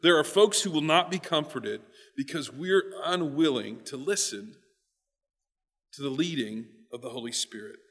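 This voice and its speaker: A male pastor giving an emphatic sermon, often repeating words, moving between quiet asides and loud stresses, with long hall reverb. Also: fairly high pitch, normal speed.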